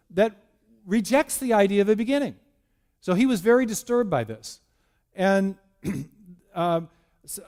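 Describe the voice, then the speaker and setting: A man's voice: high voice, darkish tone. A man giving a public lecture, explaining step by step with frequent restarts and repeated words.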